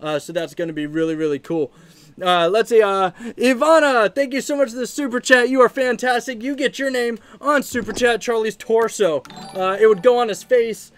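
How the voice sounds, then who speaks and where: An upbeat man with a higher-than-usual voice hosts a casual live stream from a room at home. He talks to his viewers in a chatty way, with plenty of fillers, and keeps thanking them. His voice comes from a camera mic set some distance away. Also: moderate pace, smooth. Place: home room with plush pile.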